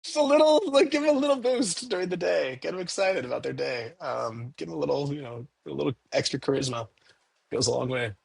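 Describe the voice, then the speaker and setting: A candy store owner in a casual interview, talking animatedly and acting out little quoted exchanges in a raised voice. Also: male voice, on the high side, expressive, quick pace, gravelly, a little mellow, slightly rough, dry recording.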